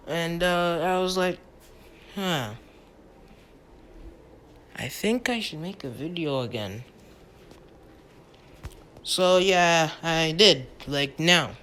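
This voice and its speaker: A man's voice: a little high, bright, forceful tone, a little hiss or hum. A young man rambling casually through an anime fan theory, stumbling over names and leaning on fillers. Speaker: anime channel creator.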